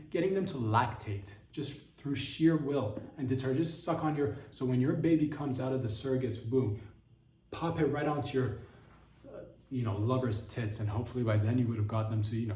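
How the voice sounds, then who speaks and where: Man, comedy podcast monologue, rambling and provocative, mid-pitched voice, echoey room. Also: mellow. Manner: rambling and provocative, with frequent restarts. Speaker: podcast host. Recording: roomy echo.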